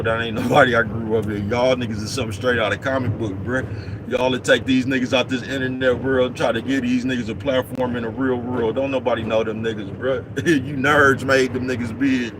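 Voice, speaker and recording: Driving his big rig, an East Oakland, California truck driver vlogger answers his viewers' comments in a middle-pitched voice that is streetwise, profane, and loose. He repeatedly checks in with "you know what I'm talking about" as truck engine, road, and traffic noise rumbles steadily beneath him.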